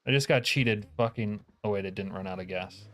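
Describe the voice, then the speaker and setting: A man's voice: on the low side, fairly quick, a bit bright, slight background noise. A man live-streaming a game, chatting casually with his viewers, profane and joking, grumbling when things go wrong.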